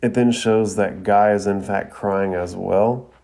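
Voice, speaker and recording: A man's voice: lowish voice, steady tone, measured pace, gravelly, warm tone. A man hosting an anime review podcast who retells an episode in a casual, filler-heavy way. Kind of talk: casual narrated episode recap.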